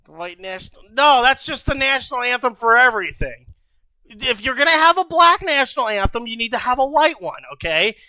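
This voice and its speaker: A young man streaming live, shouting, laughing and swearing in casual chat. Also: very high voice, expressive, fairly quick, no echo.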